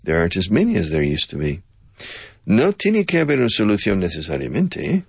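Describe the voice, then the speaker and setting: A man teaching English, chatty and digressive, with a laugh never far off. His low voice has a husky edge and swings widely in pitch. The sound is dry and close. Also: huge pitch swings, fast, no room sound. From Texas. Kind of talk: language lesson with drills.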